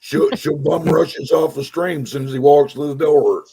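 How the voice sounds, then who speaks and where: Raspy-voiced guy on a stream, drawling folksy jokes, real husky sound. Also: fairly high pitch, fairly even intonation, moderate pace, warm tone. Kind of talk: casual livestream chat.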